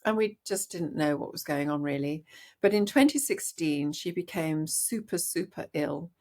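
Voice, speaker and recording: A woman's voice: low voice, lively intonation, moderate pace, a little mellow. A middle-aged woman, a doctor, telling a personal story in an interview with earnest animation and frequent restarts. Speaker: doctor guest.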